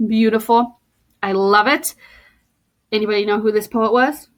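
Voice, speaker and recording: A woman teacher giving a recorded lesson to her students, playful and warm, reading poems aloud and explaining them. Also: medium pitch, fairly even intonation, moderate pace, long pauses.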